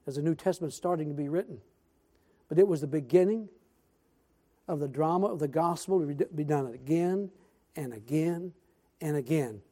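A man preaching a church sermon, telling a story in a folksy, animated way with repeated words and restarts, then closing with earnest pleas. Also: a little high. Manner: earnest, appealing pleas asking amen. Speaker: pastor. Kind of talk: sermon with storytelling and altar call. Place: church sanctuary.

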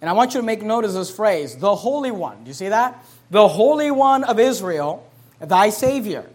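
A man preaching a sermon in an emphatic, conversational way, getting louder when he quotes scripture. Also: high-pitched, very animated, normal speed.

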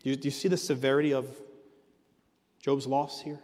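A man's voice: mid-range voice, level tone, a little fast, a little mellow. Earnest preaching man in a reverberant hall. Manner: earnest preaching with emphatic repetition. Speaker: pastor. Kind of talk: sermon.

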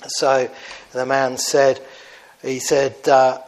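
A man telling a story in a sermon, in a conversational way with many fillers and restarts, dropping quiet for quoted lines. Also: fairly high pitch, unhurried. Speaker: preacher.

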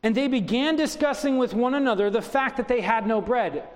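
Middle-aged pastor guy preaching, lots of rhetorical questions, high voice, big echoey hall. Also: fairly quick. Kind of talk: sermon.

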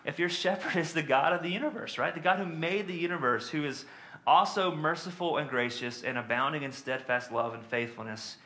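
A man delivers a sermon in a relaxed, conversational teaching style. His voice is bright and forward, and he leans on fillers and tag questions as he explains. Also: fairly high pitch, fairly quick. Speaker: preacher.

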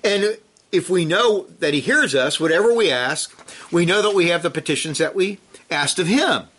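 A man preaching with a bright, forceful voice pitched a little above the usual. He reads scripture aloud and presses his listeners with urgent rhetorical questions. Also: expressive, moderate pace. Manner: reads scripture quotations aloud with rising emphasis. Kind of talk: sermon.

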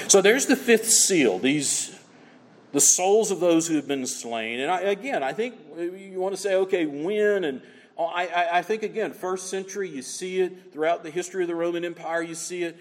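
A man preaching a sermon as pastor, emphatic, swinging between loud exclamations and low, quiet asides. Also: lively intonation, moderate pace, in a large hall, slight background noise.

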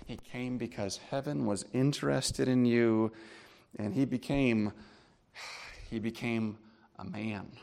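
A man preaching a sermon as a pastor, telling a personal story with strong emotion, dropping to hushed tones and rising to loud outbursts. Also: medium pitch, creaky.

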